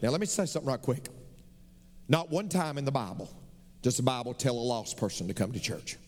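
A man's voice: medium pitch, brisk, a little hiss or hum. A middle-aged man, preaching a sermon as pastor with emphatic, repetitive phrasing in a large church sanctuary. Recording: long reverb of a large church hall.

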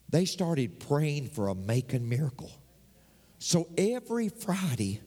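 A man preaching a sermon as pastor, swinging between sudden high bursts and slow, drawn-out lines. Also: mellow, slightly rough. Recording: long hall reverb.

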